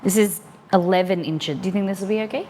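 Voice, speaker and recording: A woman's voice: mid-range voice, fast talker, mellow, slight background noise. Chatty woman cooking live for chat. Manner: chatty, answers chat while cooking and reading a recipe aloud. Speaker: live-stream cooking host. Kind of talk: casual live-stream chat. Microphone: streaming mic.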